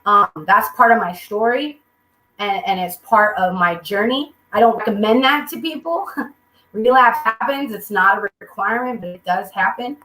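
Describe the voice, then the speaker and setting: Sharing frankly at a recovery meeting by video call, this woman recounts her story with humor and acts out the people involved in animated voices. She has a mid-range voice at normal speed, heard in reverberant, poor audio.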